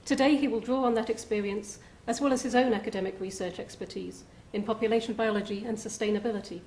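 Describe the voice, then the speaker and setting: A woman's voice: mid-range voice, steady tone, darkish tone, a little hiss or hum. Woman introducing a speaker in an echoey hall. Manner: formal and measured. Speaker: event host introducing speaker. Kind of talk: scripted introduction. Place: lecture hall.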